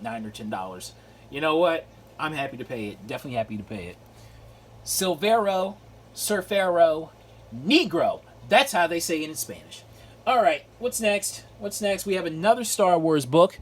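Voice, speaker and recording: A man's voice: medium pitch, a bit bright, a little hiss or hum. A man showing off his comic book haul in a casual, chatty way, repeating phrases and filling gaps with "uh" and "like.". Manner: chatty, repeats himself, lots of fillers. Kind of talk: casual video commentary.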